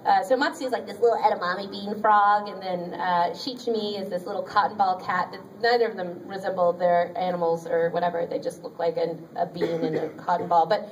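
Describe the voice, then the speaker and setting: A woman's voice: fairly low pitch, steady tone, fairly quick, few pauses, distant mic, slight background noise, low-quality recording. A woman voice actress telling stories on a convention panel, chatty and bubbly, laughing often and saying "like" a lot. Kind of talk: animated anecdote telling to a live audience.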